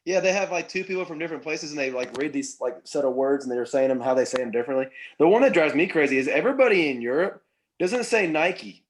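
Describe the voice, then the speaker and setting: A man co-hosting a casual podcast chat, chatty and full of quick jokey asides. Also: on the high side. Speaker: podcast co-host.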